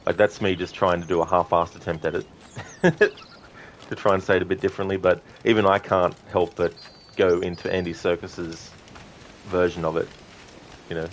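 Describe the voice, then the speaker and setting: Deep-voiced rambling game streamer, man. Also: little pitch movement, moderate pace, a little hiss or hum. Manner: rambling, lots of ums, chats with viewers. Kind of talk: casual live-stream gameplay chat.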